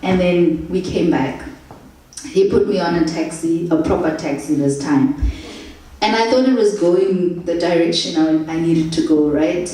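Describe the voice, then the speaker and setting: A young woman tells travel anecdotes, animated and laughing often. Her voice is fairly low and mellow, and it sounds far from the mic in a very echoey room. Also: unhurried. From South Africa. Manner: animated, laughs through anecdotes, acts out quotes. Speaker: storyteller. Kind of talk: casual travel storytelling.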